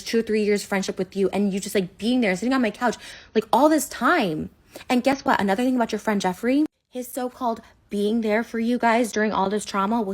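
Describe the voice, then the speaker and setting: A woman in her thirties, upset, venting in a personal rant full of "like" and restarts. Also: medium pitch. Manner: upset, rapid and repetitive, many "like"s and restarts. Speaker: online personality. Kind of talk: emotional personal rant to camera.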